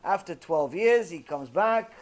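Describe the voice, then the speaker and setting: A man lecturing as a rabbi, telling a story in an animated way and acting out the dialogue. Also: sits high, a little slow.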